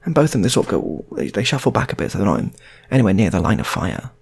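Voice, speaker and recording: Gravelly, husky male storyteller. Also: fairly low pitch, rapid-fire. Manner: restarts phrases, animated delivery. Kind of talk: improvised story narration.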